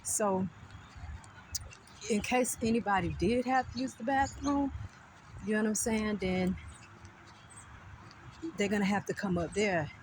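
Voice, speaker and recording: A woman telling a story on her vlog in an animated, profane way, with frequent asides to viewers. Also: mid-range voice, a little slow, pauses often, background noise. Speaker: vlogger.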